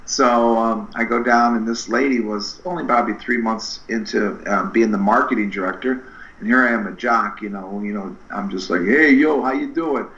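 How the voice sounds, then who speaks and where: A middle-aged man with a bright, forceful voice tells his stories with lively energy and slips into different voices for the people he quotes. The sound bounces around an echoey room, and the recording is a little muffled. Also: lowish voice, normal speed. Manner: animated, acts out quoted dialogue with shifting voices. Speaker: podcast guest, spinal screener. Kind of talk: energetic storytelling interview.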